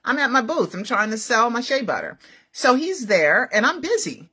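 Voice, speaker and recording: A woman's voice: on the high side, big pitch swings, normal speed, sharp tone, breathy edge. A woman telling a story to her viewers in a casual, chatty way, often checking in with "right?" and "okay?". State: feeling unwell.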